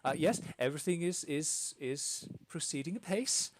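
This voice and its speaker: A man's voice: on the high side, animated, moderate pace, noisy background, pitched above the performer's own voice, natural voice. A man voicing an anxious, eager woman who runs a theatre, stammering and repeating his words. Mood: flustered.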